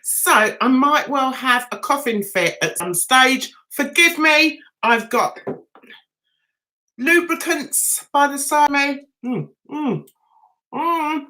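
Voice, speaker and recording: A woman's voice: high-pitched, slow pace, sharp tone. A woman hosting a casual livestream chat, getting over a throat cold, chatty and self-mocking as she greets viewers by name. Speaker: livestream host.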